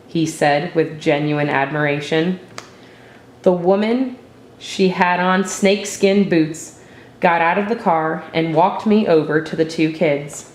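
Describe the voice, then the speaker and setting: Low-voiced woman reading a story aloud. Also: steady tone, slow pace, reverberant. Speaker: narrator.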